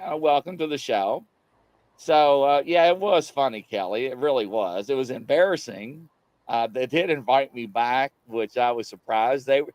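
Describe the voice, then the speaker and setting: Male host, rambling live-chat storyteller with a lively, dry-sounding delivery. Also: medium pitch, dry recording. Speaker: livestream show host. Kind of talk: casual live-show chat.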